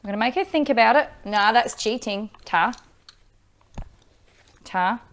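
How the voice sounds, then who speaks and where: Aussie woman dog trainer, a bit high, lots of "good girl" praise. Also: measured pace. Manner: upbeat, praising, loud bursts of praise. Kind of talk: instructional video with live dog training. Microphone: microphone.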